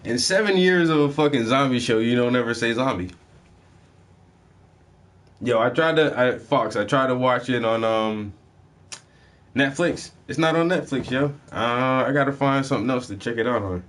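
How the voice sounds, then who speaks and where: A man's voice: mid-range voice, moderate pace, a bit bright. Laid-back cussing man in a drawl. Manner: profane, laid-back slang, laughs often. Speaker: painting vlogger. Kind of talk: casual livestream chat while painting. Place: home room with fluorescent lights.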